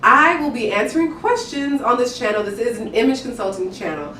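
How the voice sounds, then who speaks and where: A woman's voice: on the high side, animated, a little fast, sharp tone, slight background noise. A young adult woman giving image tips to camera in an upbeat, candid, chatty way. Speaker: image consultant. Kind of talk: direct-to-camera tips video. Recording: echoey room, voice from a distance.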